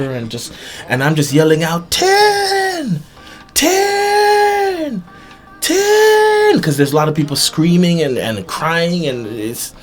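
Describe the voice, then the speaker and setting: A man telling a personal story to his viewers in an earnest, halting way, with many restarts and repeated words. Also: mid-range voice. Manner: earnest, emphatic retelling. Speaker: vlogger.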